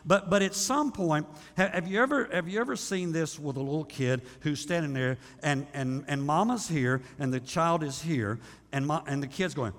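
A male pastor preaches with a high, bright voice that leaps all over its range. He acts out the voices of praying people as he goes. His words ring out with a long reverb from the church hall. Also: animated, a little fast. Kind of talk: sermon. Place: church sanctuary.

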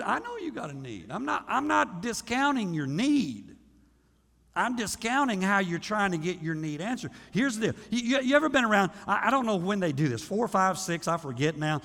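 A male pastor preaches with a high, bright voice that leaps all over its range. He acts out the voices of praying people as he goes. His words ring out with a long reverb from the church hall. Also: sing-song, moderate pace, creaky. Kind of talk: sermon. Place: church sanctuary.

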